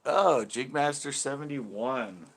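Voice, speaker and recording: Speaking slowly at a medium pitch, a man hosts a laid-back fishing channel stream. He tells rambling stories, laughs often, and reacts to chat by reading it aloud.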